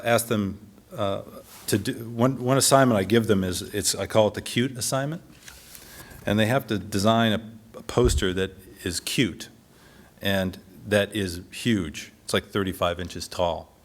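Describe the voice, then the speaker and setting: Male lecturer, lowish voice, lively anecdotal delivery. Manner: animated storytelling, laughs often. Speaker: design teacher giving a lecture.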